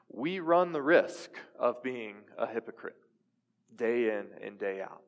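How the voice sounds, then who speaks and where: A man in his twenties or thirties preaching a sermon, talking with his congregation and asking them questions as he goes. His voice has a mid-range pitch. It carries a long hall reverb. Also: gravelly, fairly bright tone. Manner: conversational preaching with audience questions. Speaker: pastor.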